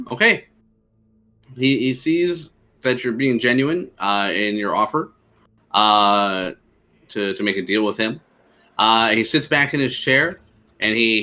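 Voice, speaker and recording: A man narrating as game master of a tabletop game, pausing often with fillers. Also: fairly low pitch, bright, forceful tone. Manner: halting, many fillers.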